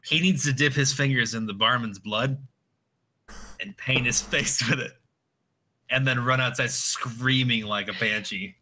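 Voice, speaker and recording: A man playing a tabletop role-playing game, excitable and laughing often as he describes his schemes. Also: medium pitch, measured pace, a little hiss or hum. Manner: excitable, laughing, tells stories with relish. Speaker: player.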